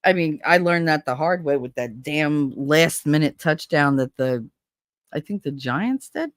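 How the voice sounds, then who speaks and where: Chatty, animated woman with a stuffy nose. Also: low-pitched, measured pace, no room sound, studio quality. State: nasal. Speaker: host. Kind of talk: casual livestream chat, reading comments.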